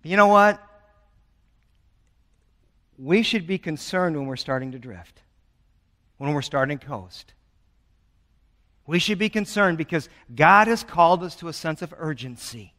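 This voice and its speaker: A pastor in his sixties preaches a sermon in a church sanctuary, his fairly high, bright voice forceful and full of lively intonation. He speaks a little slowly with long pauses, earnestly building urgency as he weaves personal stories with scripture, and the recording carries long church reverb.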